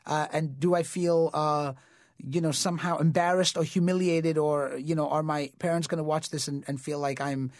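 Recorded dry in a clean studio, a slightly high-voiced American actor speaks at a moderate pace and steady tone. He shares reflective stories conversationally in an interview, with frequent fillers and restarts.

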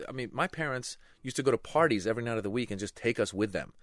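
A middle-aged man from Iran, a stand-up comedian telling lively anecdotes in an interview and acting out voices. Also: medium pitch, racing, no room sound, clean studio sound. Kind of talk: animated storytelling interview.

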